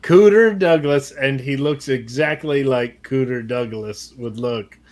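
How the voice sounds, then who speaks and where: A man's voice: mid-range voice, a little slow, a little mellow. A man from New York, a stand-up comedian co-hosting, telling self-deprecating jokes in a casual chat. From New York City. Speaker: stand-up comedian, guest co-host.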